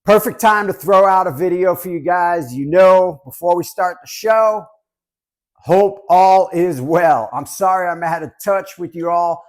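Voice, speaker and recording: Casting: man in his fifties, collectibles host from Southern California, chatty and joking, slightly higher voice. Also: moderate pace, hardly any pauses, soft background music. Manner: chatty, joking, repeats "guys". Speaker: collectibles reviewer. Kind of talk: casual chat to camera.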